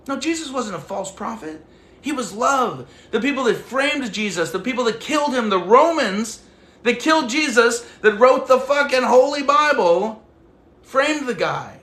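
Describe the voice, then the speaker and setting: A man's voice: very high-pitched, sharp tone. A man livestreaming a casual, profane rant, agitated and talking straight to his chat. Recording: echoey room with faint noise.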